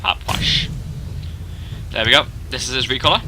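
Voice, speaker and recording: A man's voice: mid-range voice, expressive, a little fast, noisy background. A young man casually narrating a video game, chatty and self-deprecating, rambling as he goes through the features. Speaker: gaming video host. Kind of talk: casual gameplay commentary.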